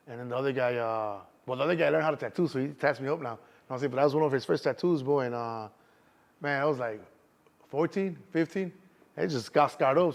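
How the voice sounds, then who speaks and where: A middle-aged man with a Chicago accent, telling stories in casual street slang in an interview. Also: medium pitch. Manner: streetwise slang, keeps saying "you know what I'm saying". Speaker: interview guest. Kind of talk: casual storytelling.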